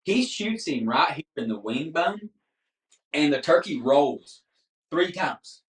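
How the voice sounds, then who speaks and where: A man whose voice sits on the high side speaks slowly, telling a story as a podcast guest in casual chat and animatedly acting out the dialogue. The audio is roomy, the mic placed at a distance.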